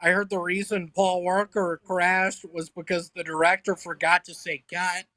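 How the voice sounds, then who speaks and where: High, bright deadpan comic. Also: male voice, normal speed, no echo, rough recording. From Memphis, Tennessee. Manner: deadpan one-liners with hesitant fillers. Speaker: stand-up comedian. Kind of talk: one-minute stand-up set.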